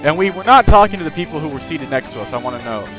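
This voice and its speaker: A young man chatting on a live stream, telling an animated, rambling story. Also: on the high side, rapid-fire, over music, low-quality recording. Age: young adult. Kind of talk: casual live-stream chat.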